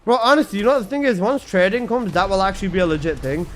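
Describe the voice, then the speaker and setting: A man's voice: high-pitched, racing. A young man chatting casually on a game stream, joking crudely and laughing at his own lines. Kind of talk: casual live-stream chat.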